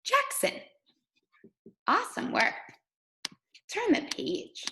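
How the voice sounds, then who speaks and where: Slow, sing-song woman teacher. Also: mid-range voice, very animated, creaky, fairly bright tone, slight background noise, rough recording. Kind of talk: guided reading lesson for young children.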